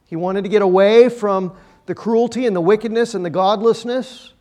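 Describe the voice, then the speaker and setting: A man preaching a sermon, emphatic, with his voice swelling loud and then dropping quiet. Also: high-pitched, fairly even intonation, normal speed. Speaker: pastor.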